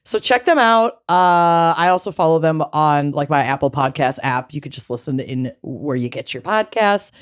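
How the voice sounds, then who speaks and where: A woman co-hosting a chatty true-crime podcast, bubbly and laughing, her voice swooping up high when excited. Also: normal speed, few pauses, clean tone. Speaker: podcast co-host. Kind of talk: casual chat.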